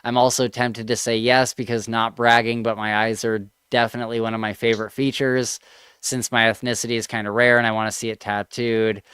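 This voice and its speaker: Male podcast co-host, chatty and reactive, crystal-clear tone, dry close-miked sound. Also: medium pitch, little pitch movement, a bit bright, no room sound. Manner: chatty, reacts with laughter and quick comments. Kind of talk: casual chat, reading out online posts.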